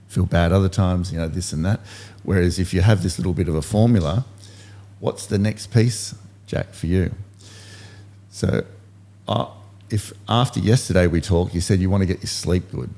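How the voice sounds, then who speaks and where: 50s guy on a podcast, low mellow voice, pep-talk vibe, keeps hammering his point. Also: moderate pace. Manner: coaching, storytelling, repeats points for emphasis. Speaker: podcast host. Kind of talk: casual motivational chat.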